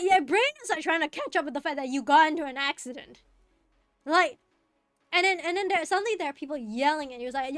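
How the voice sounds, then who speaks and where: A woman's voice: high-pitched, fairly bright tone, no echo, clean studio sound. A young woman streaming, chatting casually and rambling with lots of fillers, restarts and laughs. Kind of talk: casual chat while gaming.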